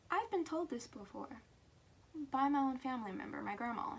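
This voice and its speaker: A woman's voice: on the high side, lively intonation, takes it slowly, gravelly, long pauses, a little hiss or hum. A teenage girl talking earnestly and frankly to camera as a vlogger, with emphatic stresses and stretches that drop to a whisper. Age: teen.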